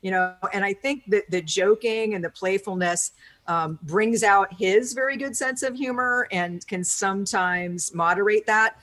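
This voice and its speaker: A woman's voice: mid-range voice, unhurried, fairly bright tone. A woman speaking as an interview guest, explaining thoughtfully in a chatty way, with many fillers and an easy laugh. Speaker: interview guest, personality-type teacher. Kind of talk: conversational interview.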